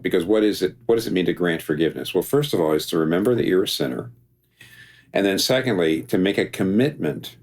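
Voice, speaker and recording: Male pastor guest, deep voice, reflective and self-correcting, light humor. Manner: thinking aloud, many restarts, gentle humor. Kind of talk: reflective interview conversation.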